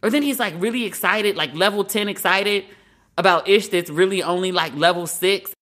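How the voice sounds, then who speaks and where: A woman's voice: medium pitch, moderate pace, fairly bright tone. A woman hosting a podcast, giving her frank opinions in a casual, conversational way. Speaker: podcast host.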